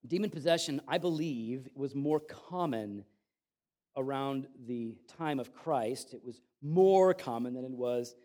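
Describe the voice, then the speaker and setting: A man giving an animated, conversational sermon, reading Bible passages with dramatic emphasis. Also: mid-range voice, slow. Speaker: preacher.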